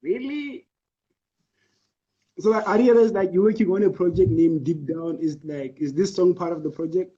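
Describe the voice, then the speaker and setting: A male interview host talking casually and excitably, peppering his speech with filler words. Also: high-pitched, normal speed, husky. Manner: excitable, leans on "like" and "yo". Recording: dull lo-fi audio with faint music.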